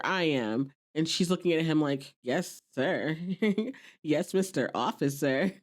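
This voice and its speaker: Woman podcast host with a slightly low voice; casual, chatty episode recap with playful quoting. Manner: chatty, quotes characters in playful voices, laughs often.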